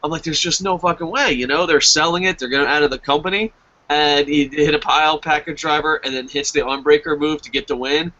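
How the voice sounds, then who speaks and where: A man reviewing wrestling in a casual chat, ranting excitably and swearing as a fanboy. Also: on the high side, fast, dull audio. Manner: excitable, profane, rambling fanboy rant.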